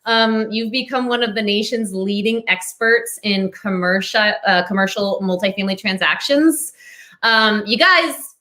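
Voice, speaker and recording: A woman's voice: medium pitch, unhurried, bright, forceful tone. A woman from Rhode Island with a slight Southern American accent, hosting a casual live-stream interview, chatty and giggly as she talks to her audience. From Rhode Island, USA. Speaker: podcast host.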